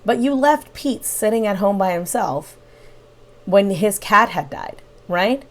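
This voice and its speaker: A woman's voice: medium pitch, expressive, measured pace. A woman hosting a reaction channel, critiquing a livestream and arguing her case point by point. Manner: analytical and critical, argues point by point. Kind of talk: reaction commentary.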